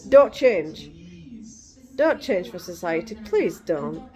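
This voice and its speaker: A woman's voice: fairly low pitch, big pitch swings, slow pace, mellow, faint music behind. A middle-aged woman vlogging in casual chat, rambling and digressive.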